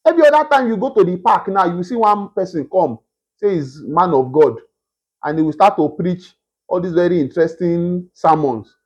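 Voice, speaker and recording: A man preaching a sermon, emphatic and repetitive, with a husky voice. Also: high-pitched, lively intonation, normal speed, lo-fi sound. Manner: emphatic, repetitive, mimics beggars in a whiny voice.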